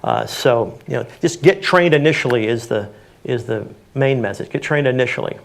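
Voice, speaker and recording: A man's voice: mid-range voice, normal speed, gravelly. Plain-spoken man teaching CPR. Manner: practical, plain-spoken, with frequent fillers. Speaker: CPR instructor on a community panel. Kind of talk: answering audience questions.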